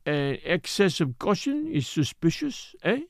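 A man reading the part of a measured, thoughtful detective. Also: high voice, very animated, no room sound, studio quality, heavily acted. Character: thoughtful, fussy male detective. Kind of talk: audiobook character reading.

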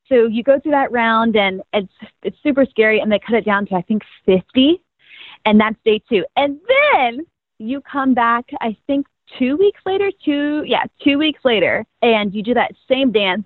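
A young woman in her twenties, a first-year pro cheerleader appearing as a guest, tells her story in a bubbly, chatty way and laughs often during a casual interview. Her mid-range voice comes over a narrow, tinny, phone-like line that sounds completely dry.

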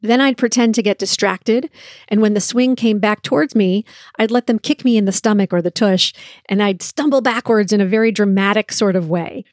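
A woman's voice: mid-range voice, moderate pace, no room sound, studio quality. A woman in her forties hosting a solo podcast, telling parenting stories and acting out the lines she said. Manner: storytelling, lively when acting out quotes.

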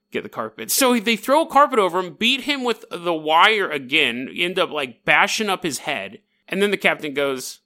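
A man's voice: a little high, normal speed. A man hosting a podcast, telling a spooky history story in a casual, joking way and acting out the people in it. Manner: animated, jokey, acts out characters. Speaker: podcast host.

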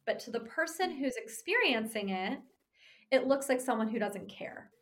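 A woman explaining couples communication in a lively, conversational way, often checking in with "right?". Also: a little high, normal speed. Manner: conversational, animated, frequent tag "right?". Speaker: relationship therapist.

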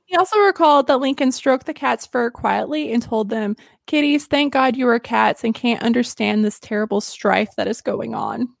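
A woman's voice: a little high, normal speed, gravelly, few pauses, dry recording, clean studio sound. A woman hosting a casual history podcast, telling stories in a chatty, giggly way with lots of fillers. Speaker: podcast host.

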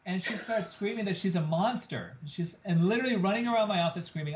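A man who is a plastic surgeon, telling an animated story as a guest on a podcast interview. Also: sits high, a little fast, hardly any pauses. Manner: animated storyteller, acts out quoted lines. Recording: roomy, slightly dull podcast audio.

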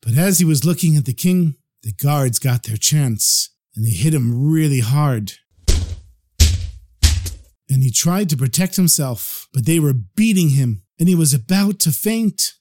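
Man, storyteller, animated parable telling, expressive, somewhat high voice. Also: normal speed.

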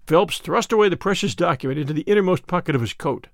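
A man narrates an audiobook in a measured, lively way. His voice sits a little high and rises and falls a great deal. The recording is close and dry, with no room sound. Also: gravelly, no room sound. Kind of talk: storytelling narration.

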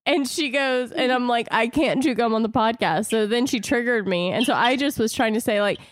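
A woman's voice: fairly high pitch, dry recording, studio quality. A woman co-hosting a podcast in casual chat, rambling and restarting her sentences, often breaking into laughter. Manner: rambling, self-interrupting, quick to laugh. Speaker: podcast co-host.

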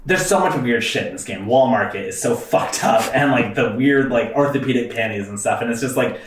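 A man's voice: medium pitch, a little fast, reverberant, far from the mic, slight background noise. A man hosting a let's play, chatting casually with rambling fillers and swearing. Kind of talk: casual gaming commentary.

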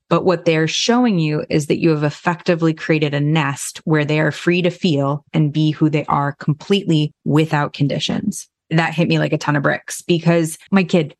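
A woman's voice: deep voice, no echo. A woman hosting a podcast, giving frank, candid advice on addiction and parenting and swearing casually. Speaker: podcast host and addiction counselor.

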